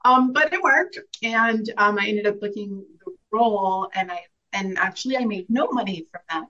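Earnest, reflective actress on a muffled line. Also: female voice, medium pitch, normal speed, bright, forceful tone. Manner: reflective, earnest, laughs often, many restarts. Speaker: actress guest. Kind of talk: casual interview.

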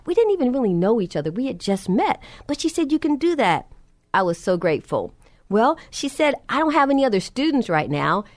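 Woman preacher, higher voice with a wide swinging pitch, tells testimony and plays every part of the dialogue. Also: big pitch swings, brisk, dry recording. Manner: storytelling, acts out both sides of dialogue, drops soft and low for reverent moments. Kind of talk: sermon with personal testimony.

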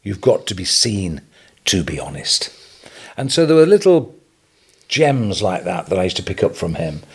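Husky older man telling lively stories. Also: low-pitched, moderate pace. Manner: animated anecdotal storytelling, chuckling. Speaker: podcast guest, retail businessman. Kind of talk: storytelling interview.

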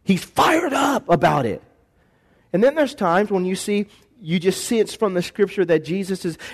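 A man pastor preaching a lively sermon in a church, acting out voices and calling for responses from the congregation. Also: sits high. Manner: animated preaching, acts out voices, call-and-response.

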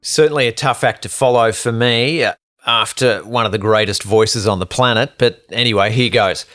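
A man's voice: mid-range voice, normal speed, fairly bright tone, no echo, clean studio sound. A middle-aged Australian man hosting a casual interview, friendly and calling his guest "mate". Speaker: podcast host.

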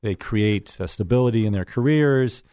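A man's voice: on the low side, moderate pace, dark tone, clean tone, no echo, studio quality. Chatty middle-aged man hosting radio. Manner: folksy and chatty, with many fillers. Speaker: radio real estate show host. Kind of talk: casual radio talk show chat. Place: radio studio.

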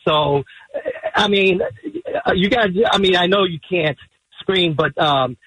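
High-voiced, husky male caller ranting. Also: slow pace, a bit bright, no echo, rough recording. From Cleveland area, USA. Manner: indignant, stammering restarts. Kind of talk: call-in sports radio rant. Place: in a car, driving.

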